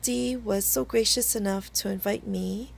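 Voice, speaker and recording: A woman hosting a casual craft video from home, talking through her projects in a chatty, slightly halting way while hoarse from a cold. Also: medium pitch, fairly even intonation, a little hiss or hum. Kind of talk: casual craft tutorial chat.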